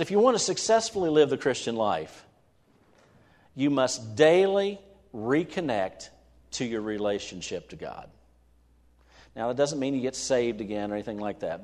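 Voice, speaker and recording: A man's voice: mid-range voice, darkish tone. A man preaching a sermon. He puts questions to his listeners and reads scripture aloud with rising fervor. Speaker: pastor. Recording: long hall reverb.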